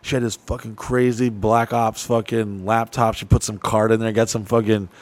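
A man co-hosting a podcast, telling profane stories with loud put-on quotes. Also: fairly low pitch, moderate pace, dry recording. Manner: rowdy, animated storytelling with put-on quotes. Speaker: podcast co-host. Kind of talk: profane casual chat. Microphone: studio microphone and headphones.

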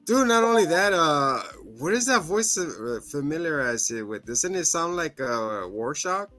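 A man's voice: a little high, very animated, unhurried, sharp tone, faint music behind. A man co-hosting a casual podcast chat, laughing often and acting out quotes in funny voices. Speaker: podcast co-host.

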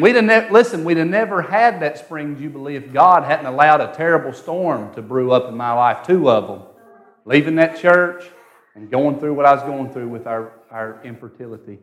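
A man preaching a sermon, telling a personal story and swinging from hushed, intimate tones to loud, excited cries. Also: mid-range voice.

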